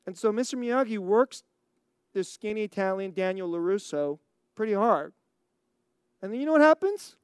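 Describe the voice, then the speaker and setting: An American preacher telling a story in a sermon, animated, acting out scenes and laughing often. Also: medium pitch, normal speed, long pauses, smooth, no echo, studio quality. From United States.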